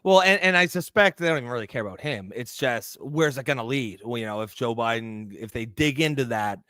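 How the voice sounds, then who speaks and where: A man's voice: mid-range voice, animated, brisk, sharp tone, smooth, no echo, clean studio sound. Easygoing man co-hosting. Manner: easygoing, laughs along, swears casually. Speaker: podcast co-host. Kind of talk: casual political chat.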